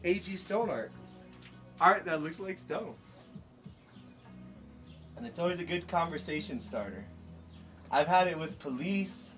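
A man from the States talks slowly and easily as he works outdoors, his pitch sitting a little high and swinging widely. He jokes with his livestream viewers, laughing often while he crafts. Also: animated, a bit bright, faint music behind. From United States. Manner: chatty, jokey, laughs often, chats with viewers. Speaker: livestreamer making stone-look art.

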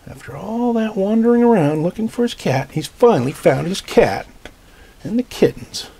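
A man reading a picture book aloud to children, gently explaining the pictures as he goes. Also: high-pitched, expressive, moderate pace, breathy edge. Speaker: storytime reader.

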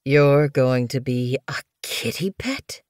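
A woman's voice: extremely low pitch, animated, slow pace, a little mellow, dry recording, studio quality, full character voice. A woman voicing a surly male cat warrior who talks with a contemptuous growl. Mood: scornful.

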